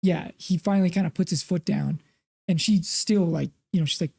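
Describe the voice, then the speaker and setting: A man's voice: high-pitched, a little fast, creaky, darkish tone, slightly rough. A man co-hosting a film podcast, retelling scenes in a rambling, casual way with lots of fillers. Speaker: podcast co-host. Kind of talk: casual film review chat.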